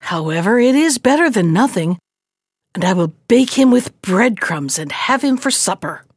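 A woman's voice: medium pitch, sing-song, moderate pace, dry recording, clean studio sound. A woman voicing a poor young fisherman in a read-aloud folktale, the elder brother, scornful and impatient.

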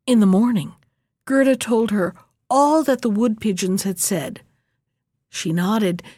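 A woman narrating a fairy tale in a lively, expressive storybook reading. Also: mid-range voice, unhurried, dry recording, clean studio sound.

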